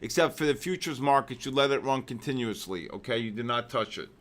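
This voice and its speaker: A man hosting a live trading session, excitedly shouting out viewers' names with heavy market jargon, then dropping to weary muttering over questions. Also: fairly quick. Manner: drops to low, weary muttering while reading questions. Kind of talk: live trading-stream commentary.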